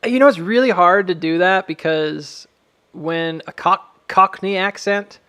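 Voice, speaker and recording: Gravelly-voiced American man chatting on stream. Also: high voice, animated, unhurried, fairly bright tone. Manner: laughs often, rambling and self-amused. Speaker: live-stream host. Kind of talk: casual stream chat.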